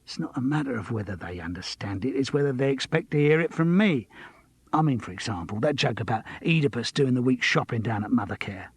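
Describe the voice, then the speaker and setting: A man's voice: medium pitch, lively intonation, a little fast, slightly rough, no room sound. A man voicing a stubborn male comedian who speaks bluntly and plainly.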